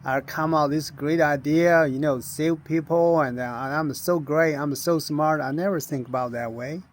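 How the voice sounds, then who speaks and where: This middle-aged man, an inventor, shares his own story earnestly in non-native English, imitating the voices of people he encountered. He speaks at a moderate pace in a slightly high voice.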